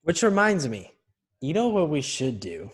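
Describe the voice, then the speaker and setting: A man's voice: fairly high pitch, sing-song, unhurried, breathy edge. A man hosting a podcast, chatting casually in an easygoing way with supportive asides. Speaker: podcast host.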